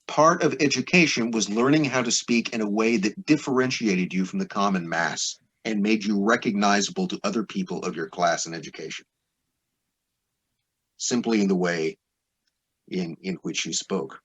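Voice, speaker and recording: A man's voice: on the low side, moderate pace, a bit bright, husky. A man as a podcast guest, explaining history in a discursive, lecturing way full of asides.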